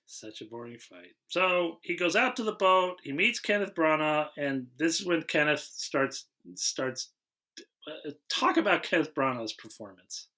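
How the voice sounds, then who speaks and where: A middle-aged man recaps a film scene by scene and explains the details in a casual review chat. His voice is bright and crisp and sits somewhat high. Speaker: podcast co-host.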